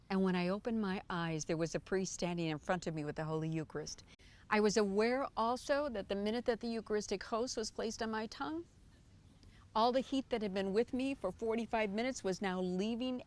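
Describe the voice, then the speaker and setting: A woman's voice: medium pitch, moderate pace, a little mellow. A woman from the United States, giving a vivid, earnest personal testimony. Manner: earnest, vivid storytelling with acted quotes.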